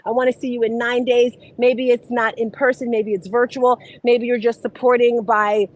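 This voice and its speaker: A woman hosting a morning motivation show, talking in a bubbly, exclamatory, rapid-fire way. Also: on the high side, level tone, dull audio. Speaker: host. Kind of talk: casual motivational chat.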